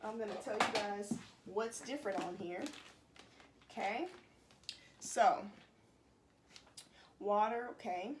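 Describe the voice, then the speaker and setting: Woman vlogger, slightly high voice, casual venting to camera. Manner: animated, exasperated, many restarts and sighs. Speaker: beauty vlogger. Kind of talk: casual vlog talk to camera.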